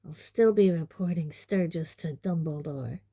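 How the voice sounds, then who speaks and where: A woman's voice: low-pitched, unhurried, dark tone, slightly rough, full character voice. A woman voicing a grizzled, suspicious old male wizard-soldier in an audiobook, growling clipped warnings. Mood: gruff.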